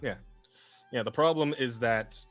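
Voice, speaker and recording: A man in casual podcast chat, swearing freely and laughing through his reactions. His voice sits at an ordinary middle pitch, and a little music plays faintly under him. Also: a little slow. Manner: profane, laughing, loose rambling. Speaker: podcast co-host.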